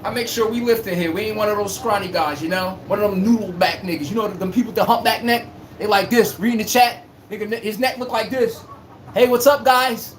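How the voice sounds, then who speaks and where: Speaking quickly in a high-pitched voice, a man runs a laid-back sports live stream where he reads chat and trash-talks with brash, playful energy. The phone recording picks up an echoey room and a faint hum.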